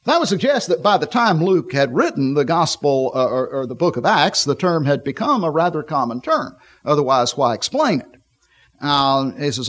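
A middle-aged man preaching a sermon, leading his listeners through scripture passages and pausing often with fillers as he reads. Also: a little high, big pitch swings, fairly bright tone. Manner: halting, frequent fillers and restarts while reading scripture.

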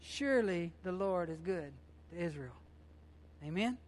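A man's voice: sits high, animated, measured pace. A man preaching a sermon as pastor, impassioned and conversational, repeating phrases and using informal, folksy grammar.

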